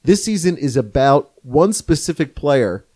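A man's voice: a little high, expressive, measured pace, dark tone. Opinionated man arguing on a podcast. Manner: earnest, opinionated. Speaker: podcast co-host. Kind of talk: casual chat.

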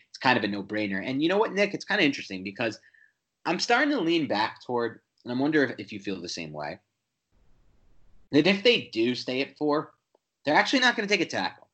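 A man co-hosting a sports podcast, talking football in an animated, opinionated way with quick restarts. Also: mid-range voice. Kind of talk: casual sports chat.

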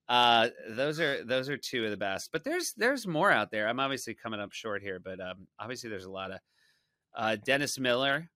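A man's voice: mid-range voice, very animated, moderate pace, bright, forceful tone, no echo, clean studio sound. A man guest on a podcast, chatting casually and rambling with self-deprecating humor.

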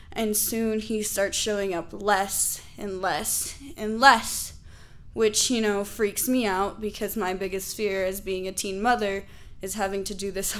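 A young woman telling a personal story, laughing often and acting out the people she quotes. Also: mid-range voice.

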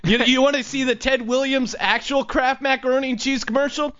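A man's voice: very high-pitched, fairly even intonation, fairly quick, a bit bright, clear, resonant tone, highs cut off. A man hosting a podcast, riffing in a mocking, joking way and laughing often. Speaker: podcast host. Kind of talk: casual comedic commentary.

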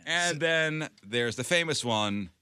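A man's voice: fairly high pitch, animated, slow pace, sharp tone, smooth, no room sound. A man co-hosting a casual radio talk show, reading out odd news stories and putting punch into the quotes. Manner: playful, reads quotes in punchy voices.

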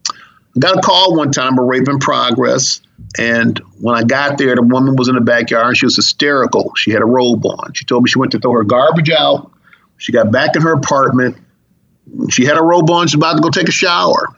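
A man's voice: fairly quick, creaky, fairly bright tone, husky. A middle-aged man, a police officer, telling a long story in an interview and acting out the voices of the people in it. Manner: acts out dialogue with big pitch jumps. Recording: dull lo-fi recording.

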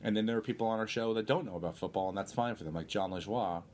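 Animated storytelling male comedian. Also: lowish voice, very fast, slight background noise. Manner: animated, rambling anecdotes with quoted voices. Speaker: comedian guest. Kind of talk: casual storytelling interview.

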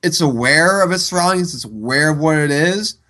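A man co-hosting a podcast, chatting casually about a TV show in a rambling, animated way. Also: fairly high pitch, fairly quick. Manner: rambling, animated retelling of scenes. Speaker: podcast co-host. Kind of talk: casual chat reviewing a TV show.

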